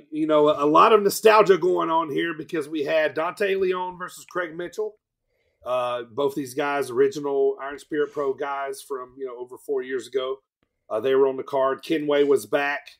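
Podcast host, male, gravelly slightly high voice, loose filler-heavy chat. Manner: rambling, filler-heavy recap. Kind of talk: casual chat.

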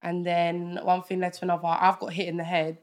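A woman's voice: lowish voice, monotone, a little fast, a little mellow. A young woman, a podcast guest, telling a story in laid-back casual chat.

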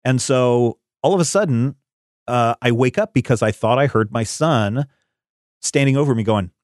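A man's voice: mid-range voice, a little slow, a little mellow, no echo, studio quality. A middle-aged man hosting a podcast, telling a rambling story in casual chat with many fillers. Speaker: podcast host.

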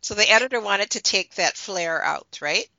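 A woman's voice: mid-range voice, expressive, normal speed, sharp tone, no echo. A woman interviewing a guest, asking questions in an encouraging way and laughing readily. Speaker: interviewer, host. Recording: dull lo-fi dry recording.

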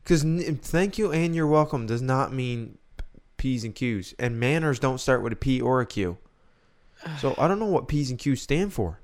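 In this casual podcast chat, a young male co-host thinks out loud, wandering through his points with restarts and musings. He has a medium-pitched, animated voice at a normal speed.

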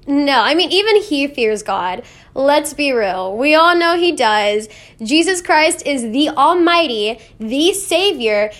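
A young woman hosting her own faith podcast, talking earnestly and chattily with lots of "like" and little laughs. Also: sits high. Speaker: podcast host. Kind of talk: casual faith podcast talk.

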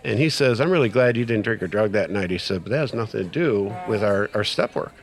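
Speaking fast in a fairly low voice, a middle-aged guest recounts his recovery in a relaxed chat. His retelling is lively, full of fillers and quoted lines he acts out.

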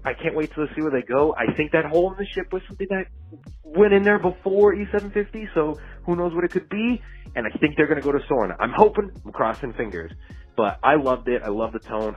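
A man's voice: a little high, breathy edge. A man calling in with an upbeat, gushing voicemail review as a fan. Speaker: caller leaving a voice message. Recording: tinny phone line, faint music.

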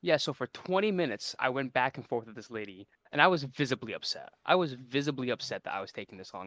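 A man's voice: medium pitch, animated, quick pace, hardly any pauses, a bit bright, no room sound. A man telling an exasperated retail story in a casual podcast chat, mimicking customers. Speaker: podcast co-host.

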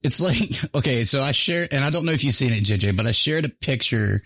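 Man, casual chat, laughs a lot, swears freely, lively pitch swings, dry close sound. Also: brisk, no room sound. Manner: laughs often, profane, animated storytelling.

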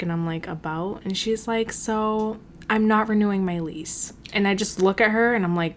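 Swearing, animated woman. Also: mid-range voice, normal speed, a little hiss or hum. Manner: animated storytelling, swears often, acts out quotes. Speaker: podcast co-host. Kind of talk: casual chat.

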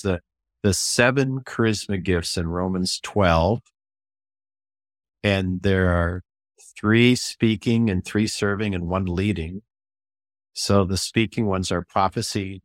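An older man, an author and ministry leader, talking as a guest in an interview. He tells stories in an animated way, often restarts phrases, and acts out quotes in a raised voice. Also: on the low side, no room sound, clean studio sound. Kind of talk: conversational storytelling interview.

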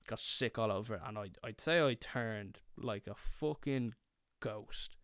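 A man's voice: fairly low pitch, smooth, dry recording, studio quality. A young man with an Irish accent telling a comic story, swearing a lot and acting out the people in it. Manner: swears a lot, acts out his younger self and friends.

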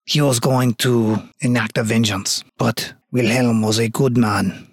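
Man doing a husky mock-French goop villain. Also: medium pitch, steady tone, a little slow, dry recording, clean studio sound. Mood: mournful. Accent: fake French accent. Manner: theatrical villain monologue. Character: vengeful male vintner turned goop monster.

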